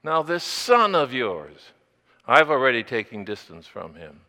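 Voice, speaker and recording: An older man preaching a sermon slowly and deliberately, repeating phrases for emphasis. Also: mid-range voice, very animated, bright, forceful tone, big-room sound.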